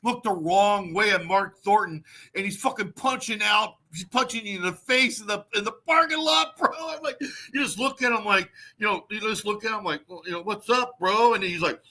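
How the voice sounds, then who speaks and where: A man's voice: sits high, lively intonation, normal speed, pushed and bright. A man hosting a show who rants in a mocking, profane way and laughs often. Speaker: show host. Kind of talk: mocking comic rant.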